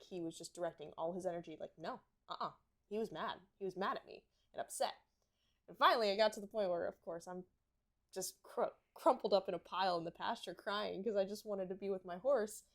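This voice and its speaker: A woman co-hosts a casual podcast chat about horses. Her voice sits a little on the low side. She tells personal stories in a heartfelt, openly emotional way. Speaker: podcast co-host.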